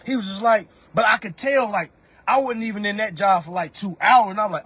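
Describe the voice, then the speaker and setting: On a livestream recorded through a phone, a man in his thirties rants about money, preachy and profane, addressing his viewers directly as family. His voice sits high and moves fairly quickly, with a fairly bright tone and a breathy edge.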